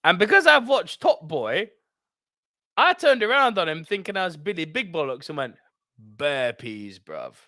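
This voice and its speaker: A man's voice: sits high, very animated, normal speed, bright, forceful tone, no echo, studio quality. A man with a posh English accent, co-hosting a podcast and telling a swearing, laughing anecdote. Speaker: podcast co-host. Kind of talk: casual chat, storytelling.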